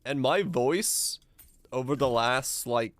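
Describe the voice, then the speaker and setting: A male streamer chatting casually with his viewers in a relaxed, rambling way, his deep voice supported from the diaphragm. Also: slow pace, no echo. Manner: rambling and relaxed, with frequent restarts.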